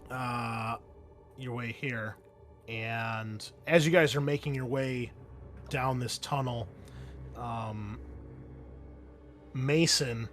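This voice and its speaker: A man's voice: mid-range voice, fairly bright tone. A man narrating as game master of a tabletop role-playing game, casual, with many fillers and restarts.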